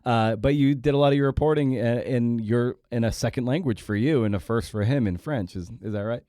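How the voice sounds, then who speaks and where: Mellow, dry-sounding male podcast host. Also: medium pitch, no echo. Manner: halting, hesitant questions with fillers. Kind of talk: conversational interview.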